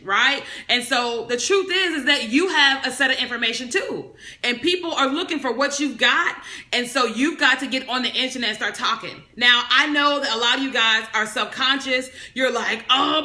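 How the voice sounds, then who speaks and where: Bold, loud, animated woman coaching live. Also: sits high, normal speed, reverberant. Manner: preachy motivational, talks on and on. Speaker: business coach livestream host. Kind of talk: casual live-stream teaching.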